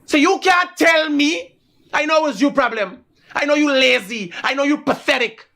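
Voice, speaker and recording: A man's voice: extremely high pitch, moderate pace, gravelly. A man with a Guyanese accent hosting a live talk show, telling stories casually and laughing often. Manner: animated storytelling with frequent laughter.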